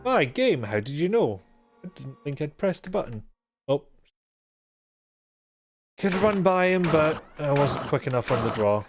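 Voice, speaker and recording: A man's voice: fairly high pitch, sing-song, a little slow, pauses often, soft background music. A man streaming a video game live, commenting in a sweary, exasperated and sarcastic way.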